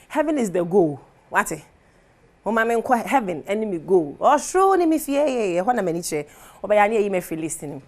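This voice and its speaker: A woman with a Ghanaian accent hosts a TV entertainment segment in a studio, offering casual commentary. She chats animatedly, laughs and switches between languages, her voice on the high side and fairly bright.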